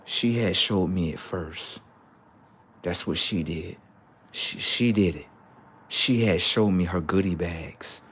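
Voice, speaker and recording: A man playing a spacey, detached oddball who talks about "human beings" in a calm, low, matter-of-fact murmur. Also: takes it slowly, breathy edge, exaggerated voice. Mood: dreamy. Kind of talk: comedy skit character.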